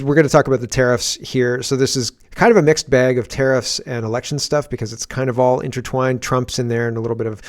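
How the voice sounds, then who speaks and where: A man hosting a political commentary show, talking casually with sarcasm and loud exasperated outbursts. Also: medium pitch.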